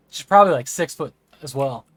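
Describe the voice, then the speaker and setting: A man's voice: fairly high pitch, animated, moderate pace, breathy edge, dry recording. A man streaming a game live, rambling and chatting with viewers, sometimes stammering over words. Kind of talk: live gameplay stream chat.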